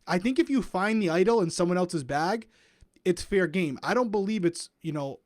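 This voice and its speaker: Pria pembawa acara, suara kering dekat. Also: male voice, sits high, lively intonation, normal speed, no room sound, clean studio sound. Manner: thinks aloud, hedging and asking the audience. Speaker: podcast co-host. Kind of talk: casual chat.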